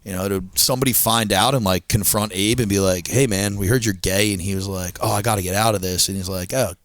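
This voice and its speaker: Low-voiced man with a Delco accent. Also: fairly even intonation, quick pace, no echo. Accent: Delaware County, Pennsylvania. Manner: rambling, profane storytelling with acted-out quotes. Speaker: podcast co-host, stand-up comedian. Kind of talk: casual podcast chat.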